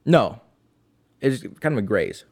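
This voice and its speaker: A man's voice: mid-range voice, expressive, a little slow, darkish tone. A young man telling a story in casual chat as a podcast co-host, laughing often.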